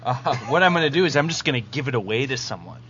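A man's voice: medium pitch, lively intonation, quick pace, a bit bright, a little hiss or hum. A man co-hosting a podcast in casual chat, offhand and dismissive. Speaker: podcast co-host. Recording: dull lo-fi podcast audio.

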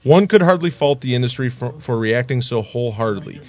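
A man's voice: mid-range voice, lively intonation, a little fast, a little mellow. Man reading comics history, lo-fi. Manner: reads steadily, laughs at own slips. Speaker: podcast co-host reading history. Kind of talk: reading a script aloud in a casual podcast.

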